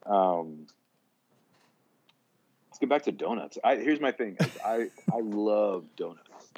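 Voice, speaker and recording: Deep-voiced man chatting on a podcast. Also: slow pace, a little hiss or hum. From New York. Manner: joking, animated storytelling. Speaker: podcast co-host. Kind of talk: casual chat.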